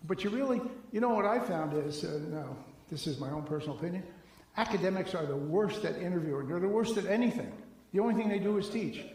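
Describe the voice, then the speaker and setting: High-voiced man in an echoey hall. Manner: animated storytelling, acts out dialogue. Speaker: seminar speaker. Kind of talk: conversational seminar talk. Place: large echoey church hall.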